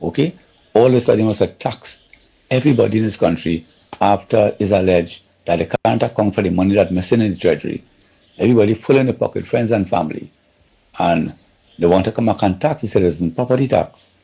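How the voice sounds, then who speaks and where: A man's voice: fairly low pitch, a little fast, gravelly, warm tone, slightly rough. A man calling in to a radio show with a rambling, indignant political complaint. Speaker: caller. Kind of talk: phoned-in political rant.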